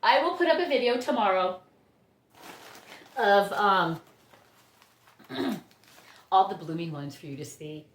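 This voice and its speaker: A woman's voice: medium pitch, slow pace, pauses often, echoey room, slight background noise. A woman from Ohio, chatting casually as she unboxes plants, gushing, laughing often and gasping with delight. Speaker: orchid grower and vlogger.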